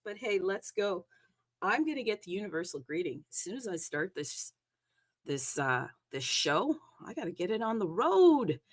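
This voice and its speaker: A woman's voice: medium pitch, very animated, normal speed. A woman hosting a solo crypto livestream, chatty and bubbly, rambling with lots of fillers and asides. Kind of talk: casual solo livestream chat.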